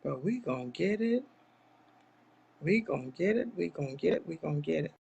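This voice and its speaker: A woman's voice: deep voice, animated, normal speed, creaky, mellow, slightly rough, dull audio. A woman hosting a live online talk show, speaking straight to her viewers in an impassioned, churchy way. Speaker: live-stream host. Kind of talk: casual live chat.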